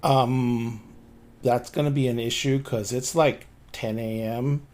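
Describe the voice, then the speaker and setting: A man voicing a blunt, wry young woman in a tabletop game, deadpan and swearing casually. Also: mid-range voice, takes it slowly, natural voice.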